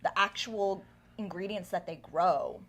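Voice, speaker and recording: A woman hosting a casual food chat, chatty and quick to laugh. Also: mid-range voice. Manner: chatty, giggly, animated asides. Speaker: host.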